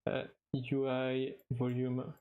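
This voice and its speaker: A man's voice: mid-range voice, monotone, phone-quality sound. French-accented young man chatting on stream. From France. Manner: halting, with frequent restarts and fillers, chuckling now and then. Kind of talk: casual live-stream chat while gaming.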